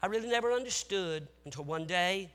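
A man preaching a sermon, telling stories with strong feeling, swinging from shouted exhortation to hushed tones, with folksy asides to the congregation. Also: high-pitched, expressive, fairly quick, clean tone, faint music behind.

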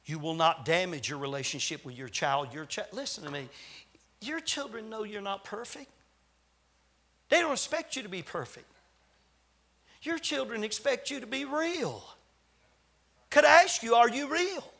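A man preaching a sermon as a visiting preacher, swinging between loud appeals and hushed asides. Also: sits high, animated, moderate pace, pauses often. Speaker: traveling preacher.

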